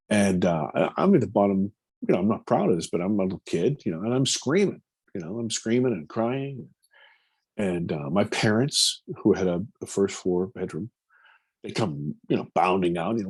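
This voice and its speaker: A man in his fifties, a film producer, earnestly recounting a personal story in an interview, halting and repeating words as he goes. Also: lowish voice, a little mellow, husky, dry recording.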